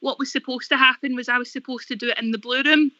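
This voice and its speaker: Bubbly high-voiced Scottish woman. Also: steady tone, pushed and bright, no room sound. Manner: bubbly, laughs often, tells stories fast. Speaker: singer and guest. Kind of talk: radio phone-in chat. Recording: dull lo-fi radio sound.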